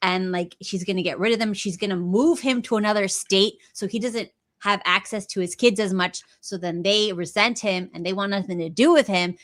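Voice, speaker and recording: A woman co-hosting a podcast, telling a story in a casual, gossipy, animated way and talking back sharply. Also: mid-range voice, normal speed, hardly any pauses. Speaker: podcast co-host.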